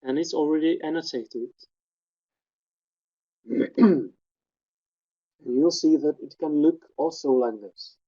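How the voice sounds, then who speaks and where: A man with a slightly high, warm voice presents a webinar slowly, pausing often. His technical lecture moves through spectrograms step by step, pointing out sound details, and the recording is dull and lo-fi.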